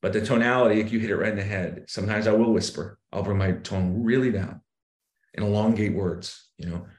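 A man in casual podcast chat, telling sales stories and acting out his phone pitches with shifting tone. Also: brisk. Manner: animated, acts out sales calls with shifting tone. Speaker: real estate agent, guest. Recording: roomy echo.

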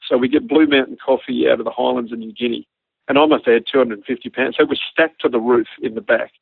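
An Australian man spins an animated anecdote in a relaxed, matter-of-fact way, his voice gravelly with fry. The sound is dry and narrow, like a phone line. He drifts in and out of other people's voices as he tells it. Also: mid-range voice, fast, dry recording. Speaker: storyteller recounting an army flight.

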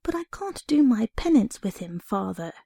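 A woman's voice: fairly high pitch, big pitch swings, moderate pace, vocal fry, warm tone, husky, dry recording, clean studio sound, full character voice. A woman reading aloud, voicing a spiteful young girl who scolds her little brother. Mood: scolding. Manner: scolding, outraged. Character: bossy spiteful older sister, a girl.

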